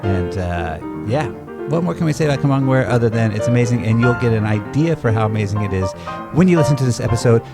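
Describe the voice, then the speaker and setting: A man's voice: mid-range voice, lively intonation, fast talker, vocal fry. Upbeat rambly guy hosting a chat podcast, music playing under him. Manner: enthusiastic, rambling. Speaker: podcast co-host.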